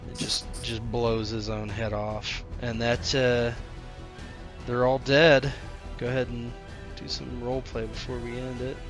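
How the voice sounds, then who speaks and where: A man running a tabletop game as game master, guiding the players in a relaxed way. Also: mid-range voice, measured pace, over music.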